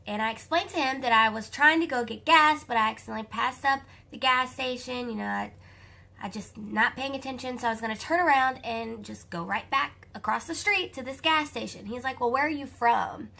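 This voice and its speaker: A young woman with a Southern US accent telling a personal story to camera in a chatty, animated way, often calling out to her viewers. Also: fairly high pitch, a little fast, vocal fry. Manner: animated, chatty, addresses viewers as you guys.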